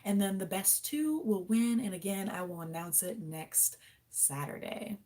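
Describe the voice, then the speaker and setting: A woman's voice: mid-range voice, measured pace, warm tone. A young woman hosting a casual livestream, answering viewer questions and cooing affectionately to her pet lizard. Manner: chatty, coos baby talk to her lizard. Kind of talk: casual live-stream chat.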